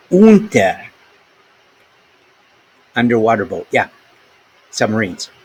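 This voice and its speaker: A man's voice: mid-range voice, breathy edge, low-quality recording. A man teaching a history lesson to students, conversational and full of asides and filler words. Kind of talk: recorded classroom history lesson.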